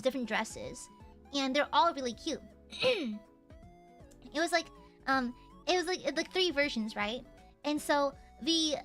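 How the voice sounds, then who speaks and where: A woman livestreamer chatting casually, giggling often and rambling through fillers. Her voice sits high and sounds bright. Soft background music plays beneath her. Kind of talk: casual chat with viewers.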